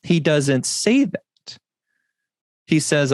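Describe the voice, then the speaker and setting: A man hosting a Bible teaching podcast, explaining scripture in a deliberate, emphatic way. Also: medium pitch, no echo. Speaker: podcast host.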